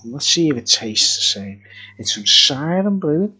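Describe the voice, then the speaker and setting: A man's voice: a little high, sing-song, moderate pace, sharp tone, slightly rough. A man, reviewing beer in a rambling, jokey, profane casual chat. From England.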